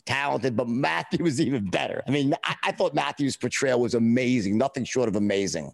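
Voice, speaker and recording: A middle-aged man tells his story in a loose, chatty way, with a gravelly edge to his voice. He gets animated and jumps his pitch up to act out what others said. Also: a little fast. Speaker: interview guest. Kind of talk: casual storytelling.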